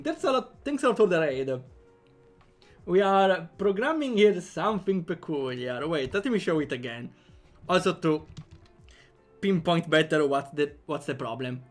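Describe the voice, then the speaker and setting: A young man with an Italian accent talks casually through a programming livestream. His voice sits a little high, and he jokes and laughs freely with his viewers. Faint music plays quietly behind him. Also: animated, moderate pace. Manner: chatty and playful, laughs often, jokey asides. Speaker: game developer streamer.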